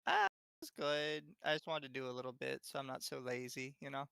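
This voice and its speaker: A man's voice: mid-range voice, fairly even intonation, fairly quick, creaky, sharp tone, clean tone, no room sound. A man joining a casual stream chat, laid-back and wry, with a slight lisp. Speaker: stream guest.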